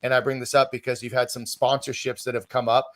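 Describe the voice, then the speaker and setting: A man's voice: mid-range voice, flat delivery, fast talker, a bit bright. A man hosting a podcast interview, asking leading questions in a conversational way with some hesitations. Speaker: podcast host.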